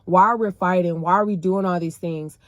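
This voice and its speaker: A woman recounts her faith journey in an emotional, colloquial way, calling her listeners "y'all". Her voice sits fairly low, and the recording is dry and close, with no room sound. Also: steady tone, fairly quick, no echo, muffled recording. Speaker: person sharing her faith testimony. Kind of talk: casual personal storytelling.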